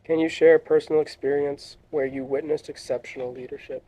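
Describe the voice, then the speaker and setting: A man hosting a casual interview, asking short, low-key questions. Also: fairly even intonation, a little fast, warm tone, low-quality recording. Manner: brief, low-key prompts. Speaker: interviewer, host.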